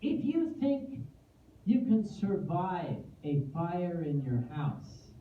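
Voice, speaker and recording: A man giving a comic storytelling speech at a convention, animated and self-deprecating with playful asides. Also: sits high, slow pace, slight background noise. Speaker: convention guest speaker. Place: convention hall. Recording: echoey hall, distant phone-like audio.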